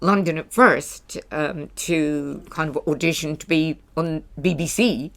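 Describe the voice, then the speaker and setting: A woman's voice: deep voice, unhurried, gravelly. An older woman from Scotland with a Paisley accent, hosting a casual chat, blunt and teasing. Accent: Scottish, Paisley. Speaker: podcast host.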